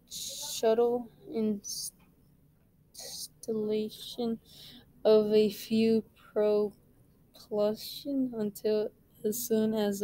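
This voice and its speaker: A woman's voice: mid-range voice, mellow, no echo, poor audio. A woman reading aloud as a tiny, brainy boy who talks formally, as if out of a dictionary. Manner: stiff, dictionary-like wording.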